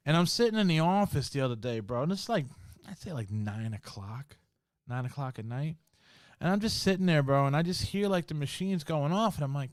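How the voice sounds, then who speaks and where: A man's voice: on the high side, expressive, brisk, dry recording, studio quality. A man hosting a podcast, telling a spooky story from work in a casual, slangy way, full of swearing and "bro". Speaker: podcast host.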